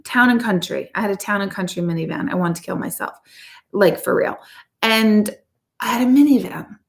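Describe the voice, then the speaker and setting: A woman's voice: mid-range voice, normal speed, gravelly. A middle-aged woman and intuitive coach, chatting casually and candidly to her viewers in a blunt, talkative way. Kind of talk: casual live chat to viewers.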